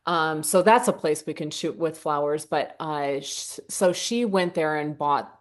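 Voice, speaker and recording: A woman with a somewhat low voice, a portrait photographer from southern Indiana, tells her stories casually. She jumps up in pitch whenever she acts out what she and others said. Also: unhurried. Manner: animated, acts out her own quotes in a higher voice. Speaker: senior portrait photographer, guest. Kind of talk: casual storytelling interview.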